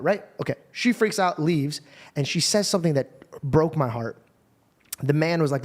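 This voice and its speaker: A man hosting a podcast, telling a personal story in a casual, profane, animated way. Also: a little high, a little fast. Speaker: podcast host.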